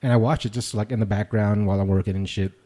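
Podcast co-host, male, low mellow voice, loose profane storyteller. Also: fairly even intonation, quick pace. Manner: profane, rambling storyteller who laughs often. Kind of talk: casual chat.

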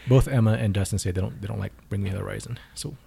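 A man co-hosting a casual podcast chat, laid-back, with quick interjections. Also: fairly low pitch, vocal fry, mellow, a little hiss or hum. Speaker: podcast co-host.

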